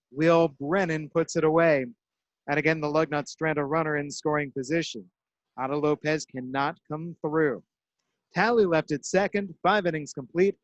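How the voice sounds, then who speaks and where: A man doing baseball play-by-play with crisp, measured delivery and dramatic emphasis on outs. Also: on the high side, dry recording, highs cut off. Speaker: play-by-play broadcaster. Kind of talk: radio-style baseball play-by-play.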